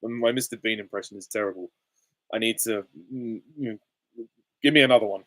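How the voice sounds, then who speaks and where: A man's voice: fairly low pitch, steady tone, brisk, bright, forceful tone, no echo. Giggly man hosting a live Q and A. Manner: chatty, giggly, self-deprecating. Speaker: channel host answering viewer questions. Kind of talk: live stream Q and A.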